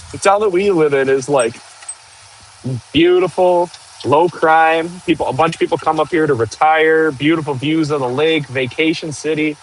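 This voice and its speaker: A man's voice: fairly high pitch, moderate pace, pauses often, slight background noise, rough recording. A man, rambling and laughing as he chats to a live-stream audience while working outdoors. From northern Michigan, USA. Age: 30s. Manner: rambling, chatty, laughs often. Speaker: livestream host. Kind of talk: casual live-stream chat.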